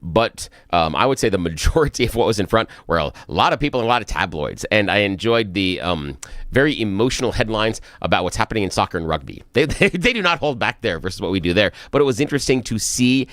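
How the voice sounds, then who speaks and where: A man's voice: lowish voice, very animated, quick pace, fairly bright tone, no echo, studio quality. A man co-hosting a talk radio show, telling a rambling, self-deprecating story in casual chat. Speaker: radio co-host.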